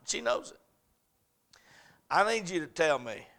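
A middle-aged preacher man delivers his sermon in a high, ringing voice. He drives his points home with force, then falls soft and quiet when he tells a story. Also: very animated, measured pace, creaky. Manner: emphatic, swinging between loud urgent points and soft storytelling.

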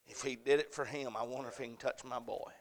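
A pastor preaching an evening sermon, rising to impassioned shouting and falling to a hushed prayer. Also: male voice, mid-range voice, fairly even intonation, quick pace. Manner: fervent preaching that swells to shouting, then drops to a hushed prayer.

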